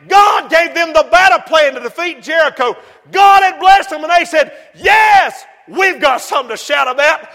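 A man preaching a fiery sermon, shouting and whooping, then dropping to low asides. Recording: long hall reverb.

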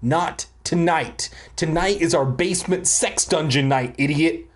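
A man voicing a short-tempered father who groans and shouts at his kids. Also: on the high side, very animated, moderate pace, faint music behind, voice pushed up. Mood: exasperated.

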